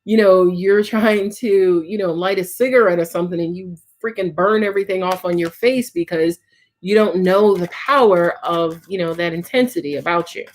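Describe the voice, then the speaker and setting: Woman, slightly low voice, loose livestream tarot reader who swears freely. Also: moderate pace. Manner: casual, chatty, swears often, frequent "right?" and "um". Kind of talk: live tarot reading with viewer questions.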